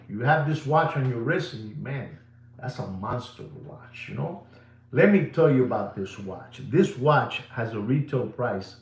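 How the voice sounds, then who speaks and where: A middle-aged man hosting a live watch sales show. He is repetitive and showy, swings between booming and hushed delivery, and slips Spanish words into his English. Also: expressive, a little slow. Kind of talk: live sales pitch to viewers. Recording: roomy echo.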